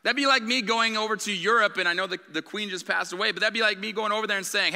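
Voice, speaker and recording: A man's voice: sits high, quick pace, hardly any pauses, sharp tone. A man preaching a sermon in a candid, conversational way. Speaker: guest preacher. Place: church sanctuary. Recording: long reverb of a church hall.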